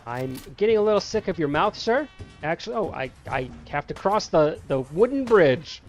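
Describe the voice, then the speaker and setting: A man's voice: a little high, sing-song, normal speed, faint music behind. Playful man scolding game characters. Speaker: gameplay streamer. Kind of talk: casual let's-play commentary.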